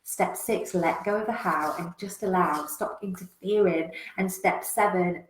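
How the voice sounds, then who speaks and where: A woman coach talks in a lowish voice, emphatic and blunt, with casual swearing. The sound carries a noticeable roomy echo. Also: a little slow, hardly any pauses, a little hiss or hum. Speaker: business coach. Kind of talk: motivational talk with a parable.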